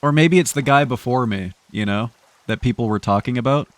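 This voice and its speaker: A young male streamer talking through his gameplay in an easygoing, chatty way, laughing often and tripping over restarts. His voice sits at a middle pitch and sounds dry and close to the microphone. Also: a little fast, dry recording. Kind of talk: casual gameplay commentary.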